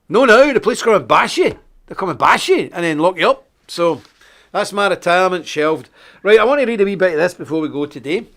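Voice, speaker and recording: A man's voice: sits high, sing-song, fast, a bit bright. A middle-aged Scottish man hosting a live online show, ranting indignantly with sarcastic asides. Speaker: host.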